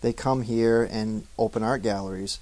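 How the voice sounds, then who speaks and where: A man's voice: on the low side, fairly even intonation, normal speed, a little mellow, a little hiss or hum, poor audio. A man from Maine co-hosting a casual podcast chat, telling laid-back stories and laughing often. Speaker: podcast co-host.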